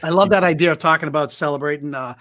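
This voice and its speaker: A man's voice: on the high side, very fast, a bit bright. A man hosting an interview podcast, asking questions and responding in an enthusiastic, encouraging way. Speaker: podcast host.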